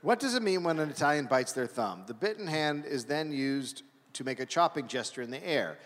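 A man co-hosting a live comedy podcast, reading a history story deadpan from his notes. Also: a little high, a little fast. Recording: live venue with hall reverb.

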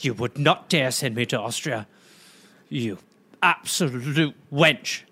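A man's voice: mid-range voice, takes it slowly, bright, forceful tone, slightly rough, voice pushed down, exaggerated voice. A man voicing a whiny, spoiled young male prince who whines at his mother. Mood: petulant. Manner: petulant, sniveling.

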